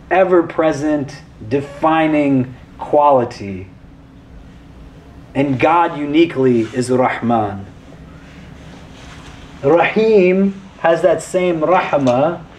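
A man's voice: on the high side, darkish tone. A man in his thirties gives a casual, conversational lesson as a religious teacher, often checking in with the listener. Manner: conversational, often checks in with "right?" and "does that make sense?".

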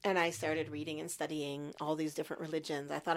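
Woman, fifties, low voice, gravelly, interview guest, animated storyteller. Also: quick pace. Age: 50s. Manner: animated storyteller, acts out her past self.

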